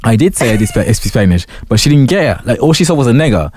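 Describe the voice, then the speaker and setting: A man in a relaxed podcast conversation, swearing freely and slipping into voices as he tells stories. His voice sits at an ordinary pitch, and the sound is dry and close to the mic. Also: quick pace, no room sound. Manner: profane, animated storyteller who acts out people in stories. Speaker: podcast guest. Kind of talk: casual chat. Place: indoor podcast studio.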